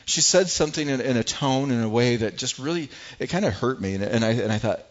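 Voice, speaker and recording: A man's voice: mid-range voice, expressive, fairly quick, hardly any pauses, dull audio. A middle-aged man preaching a sermon as pastor, earnest and prone to repeating words as he builds his points.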